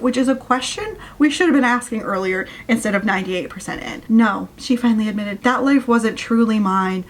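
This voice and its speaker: A woman's voice: medium pitch, a little fast, hardly any pauses. A woman hosting her channel, giving a casual, sarcastic rant review of a novel and sounding exasperated at the plot. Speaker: book reviewer.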